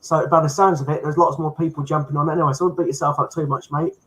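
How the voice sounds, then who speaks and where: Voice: mid-range voice, steady tone, fast talker, low-quality recording. Friendly live stream host. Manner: friendly, reassuring, addresses viewers by name. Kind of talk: casual live stream chat.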